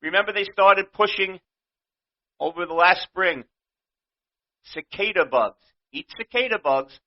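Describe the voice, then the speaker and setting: A man's voice: high voice, a little slow, muffled recording. A man with a New York accent, hosting his own show and ranting in an indignant, exasperated, rambling way. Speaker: show host. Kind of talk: ranting monologue.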